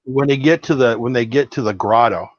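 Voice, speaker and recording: A man with a mid-range voice co-hosts a podcast, chatting casually at a fairly quick pace in a rambling, hesitant way with many restarts. The recording is dry, dull lo-fi audio.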